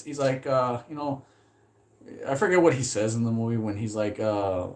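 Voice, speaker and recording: Rambling, excitable male streamer. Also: mid-range voice, fairly quick. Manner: rambling, heavy use of "like", swears when excited. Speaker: streamer reviewing films. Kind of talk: casual live-stream chat.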